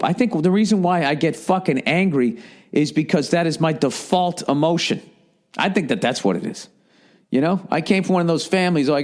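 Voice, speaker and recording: A man hosting a podcast, ranting in a casual, profane and rambling way, mocking himself and mimicking other people. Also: fairly high pitch. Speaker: podcast host. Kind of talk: casual rant.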